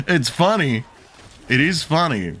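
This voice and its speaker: A man's voice: lowish voice, lively intonation, takes it slowly, fairly bright tone. A young man streaming a game, telling a long, profane story in a rambling, chuckling way. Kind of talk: casual chat while gaming.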